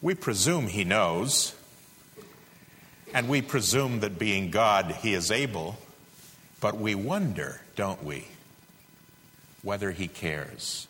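A man preaching a sermon, with dramatic rises to loud peaks and drops to a hush. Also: fairly low pitch, expressive, slow pace, pauses often, slight background noise. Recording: reverberant hall.

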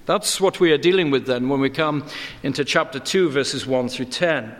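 A man preaching an expository sermon, measured and deliberate, leaning on emphatic words. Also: mid-range voice, big-room sound. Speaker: pastor.

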